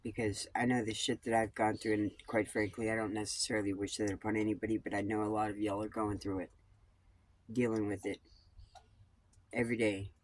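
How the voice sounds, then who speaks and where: A woman's voice: extremely low pitch, little pitch movement, fairly quick, dry recording. A woman vlogger talking in a rambling personal monologue about coping, blunt and digressive, swearing freely.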